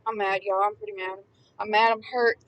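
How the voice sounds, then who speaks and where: A woman giving impassioned Bible commentary, emphatic and repetitive, swinging between hushed words and loud ones. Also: medium pitch, level tone, a little fast, far from the mic, slight background noise, poor audio. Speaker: preacher.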